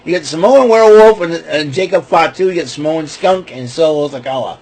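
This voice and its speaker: A man's voice: fairly high pitch, brisk, a little mellow, slight background noise. A man hosting a casual wrestling recap, rambling and stumbling over names and laughing at his own jokes. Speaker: podcast host.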